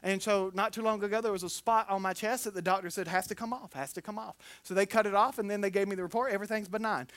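A man preaches in a loose, storytelling way, slipping in jokes and taking on the voices of the people he describes. His tone is bright and ringing. The sound is dry and close, with no room echo. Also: sits high, fairly even intonation, quick pace, few pauses. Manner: folksy and joking, acts out the people in his stories. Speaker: pastor. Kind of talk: conversational sermon storytelling.

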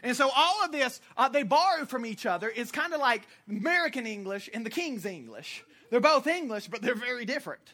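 A pastor preaching an animated, joking sermon, climbing to shouts for emphasis, with frequent fillers and self-corrections. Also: mid-range voice, brisk, few pauses.

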